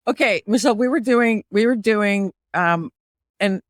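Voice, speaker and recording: A woman's voice: mid-range voice, normal speed, no room sound, clean studio sound. A woman hosting a podcast, chatting casually and playfully, laughing often and rambling. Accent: American. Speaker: podcast host. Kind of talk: casual chat with accent impressions.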